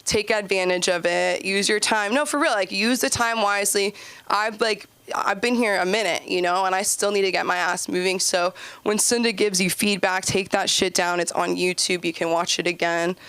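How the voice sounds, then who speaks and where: A woman's voice: medium pitch, steady tone, moderate pace, a bit bright, clean tone, no room sound. A woman doing open mic stand-up comedy on a club stage, chatty and giggly, with lots of "like" in her speech. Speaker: stand-up comic and show host.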